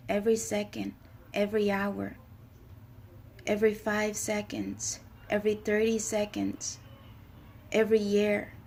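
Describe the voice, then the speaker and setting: A woman speaking haltingly about her own writings and faith, often pausing and searching for words. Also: medium pitch, a little mellow, slight background noise. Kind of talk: personal spoken reflection on faith.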